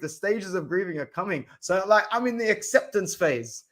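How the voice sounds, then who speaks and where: A man's voice: high-pitched, normal speed. A young Australian man from Southwest Sydney, ranting in casual live-stream chat as a football fan streamer, swearing and saying bro. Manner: animated, swearing, ranting, calls viewers bro.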